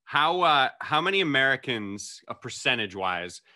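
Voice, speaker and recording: A man's voice: mid-range voice, big pitch swings, normal speed, pushed and bright. A man hosting a sports interview, asking questions in a playful, teasing way. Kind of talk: casual interview.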